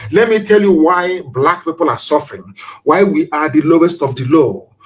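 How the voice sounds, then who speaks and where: A man's voice: sits high, low-quality recording. A man giving an impassioned live broadcast speech as a political leader, repeating himself for emphasis and firing off rhetorical questions. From Nigeria.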